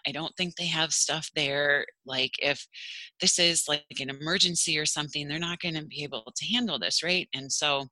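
Bright, dry-voiced woman telling a story. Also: low voice, no echo, low-quality recording. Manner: rambling, many fillers and "like"s, acts out quoted voices. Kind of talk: casual personal storytelling.

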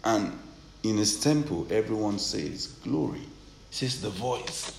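Man, preacher, sermon, quiet reading building to loud emphatic preaching, repeated amens, echoey room, faint hum behind. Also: on the low side, lively intonation, measured pace, creaky.

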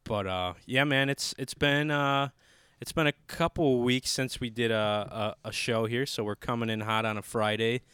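A man's voice: medium pitch, fairly even intonation, normal speed, fairly bright tone, clear, resonant tone, no room sound. Joking young man hosting a podcast. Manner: joking, profane, loose with fillers. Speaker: podcast host. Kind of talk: casual podcast banter.

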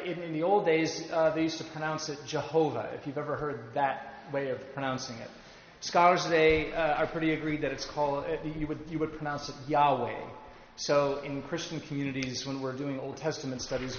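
A man teaching an adult Sunday school class, explaining slowly and leading the group in reading aloud. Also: fairly high pitch, dull audio, slight background noise. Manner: explanatory, leads group readings, pauses with fillers. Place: church classroom. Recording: echoey roomy recording from a distance.

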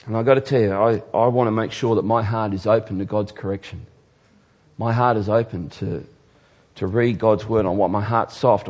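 A man preaching a sermon as pastor, swinging from loud emphasis to hushed, earnest asides. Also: fairly low pitch, slightly rough.

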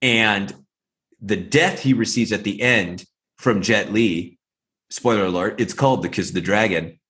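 A man with a low-leaning, slightly bright voice takes his time as he co-hosts a podcast about films. His chat is rambling and heavy on fillers, punctuated by movie lines he acts out in varying voices.

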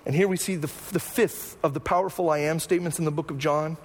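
A man's voice: fairly high pitch, fairly even intonation, fast talker, in a large hall, a little hiss or hum. A male pastor preaching a sermon, repeating phrases and tossing in "right?" asides.

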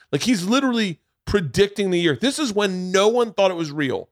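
A man's voice: high-pitched, expressive, fairly quick, hardly any pauses, no room sound, clean studio sound. A man hosting a podcast, telling a long rambling story in casual chat, swearing freely. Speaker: podcast host.

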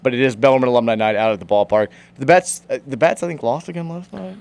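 Fast-talking young radio host. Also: male voice, mid-range voice, darkish tone. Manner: rambling, filler-heavy, quick. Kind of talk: casual sports talk.

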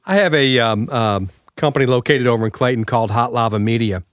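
Hoarse man guest on a radio show. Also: medium pitch, a little fast, dry recording, clean studio sound. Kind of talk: casual radio interview. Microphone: studio microphone.

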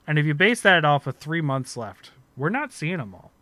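A man co-hosting a casual chat, excitable, speculating at length and laughing loudly. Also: on the high side, normal speed. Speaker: podcast co-host.

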